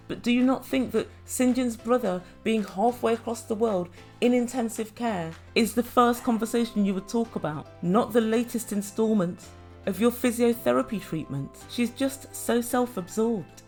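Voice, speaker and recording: A woman with a fairly high voice recaps a reality show in a chatty, judgmental way, speaking directly to her viewers. Soft music plays quietly behind her. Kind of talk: opinionated recap commentary.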